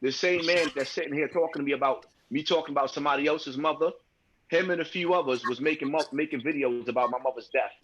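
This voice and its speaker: A man's voice: on the high side, fast talker, fairly bright tone, dull audio. A man arguing heatedly as a guest on a live call-in stream, repeating himself as he presses his point. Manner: heated, confrontational, repeats phrases.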